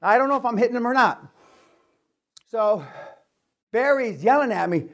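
A man with a fairly high voice tells a story to a seminar audience. He swears freely and keeps acting out the sounds of the action. His delivery is lively and unfiltered. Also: normal speed, long pauses. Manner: profane, lively storyteller who acts out sounds. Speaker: seminar speaker. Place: seminar room.

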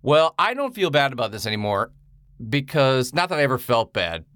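A man co-hosting a podcast over a video call, talking in an excitable, rambling, joking way. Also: mid-range voice, a little fast, dry recording, clean studio sound. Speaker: podcast co-host. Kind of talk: casual chat.

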